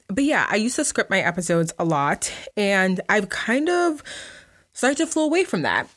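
A woman's voice: lowish voice, a bit bright. Chatty young woman hosting a podcast. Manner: chatty, rambling, laughs often. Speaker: podcast host. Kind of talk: unscripted casual chat. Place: basement room at home.

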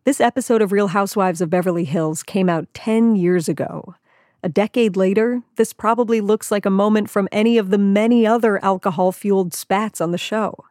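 A woman's voice: medium pitch, normal speed, darkish tone, dry recording, clean studio sound. A woman co-hosting a podcast, narrating in a conversational scripted way with a lightly wry, questioning manner. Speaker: podcast co-host.

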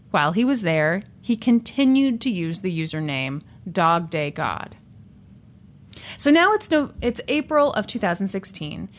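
A woman hosting a podcast, casually telling a true crime story, laughing often and swearing now and then. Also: mid-range voice.

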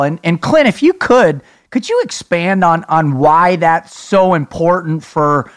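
A male podcast host with a high voice responds warmly to a guest's story, then asks a long, searching question. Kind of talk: interview.

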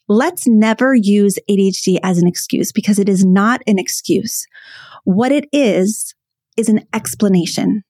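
A woman who hosts a solo podcast and works as an ADHD coach addresses her listeners earnestly and emphatically, repeating her key phrases. Her medium-pitched voice has a darkish tone, recorded with studio quality and no echo.

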